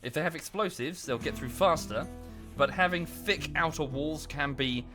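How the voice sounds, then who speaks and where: A man's voice: fairly high pitch, normal speed. A man chatting casually while live-streaming a game at home, often thinking aloud and thanking viewers. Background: background music.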